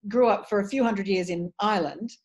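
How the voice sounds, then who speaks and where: A woman's voice: mid-range voice, a little fast. A woman, a voice and dialect coach, speaking articulately and with energy in an interview. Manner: articulate, animated, restarts phrases. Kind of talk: interview conversation.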